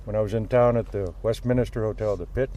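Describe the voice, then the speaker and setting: A man who works as a gold miner, telling a story in a blunt, profane, animated way, recorded outdoors at a mine site. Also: fairly low pitch, quick pace. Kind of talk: casual storytelling.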